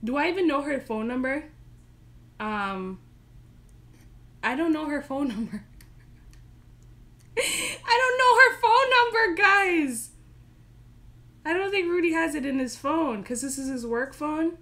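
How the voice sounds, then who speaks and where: A woman's voice: sits high, lively intonation, normal speed, long pauses. Giggly young woman streaming from her bedroom. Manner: giggly, self-deprecating, chatty. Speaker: live stream host. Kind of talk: casual live stream chat. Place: home bedroom.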